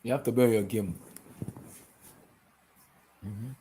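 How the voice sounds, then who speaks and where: A man's voice: fairly low pitch, slow, dark tone, a little hiss or hum. A man hosting a casual football chat, talking in a rambling, hesitant way. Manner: rambling, hesitant, lots of fillers.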